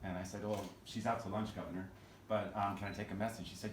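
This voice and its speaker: A man from Oregon introducing a guest speaker with a casual story, halting and full of fillers and restarts. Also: lowish voice. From Oregon, USA. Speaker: event host introducing a speaker. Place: meeting room. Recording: roomy, distant, noisy room mic.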